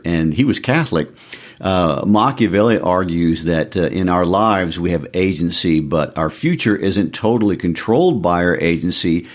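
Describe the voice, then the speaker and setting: A man co-hosting a podcast, talking through a play in a loose, chatty way with lots of fillers. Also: deep voice. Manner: chatty, many "uh" and "you know" fillers. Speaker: podcast co-host. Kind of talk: casual literary discussion.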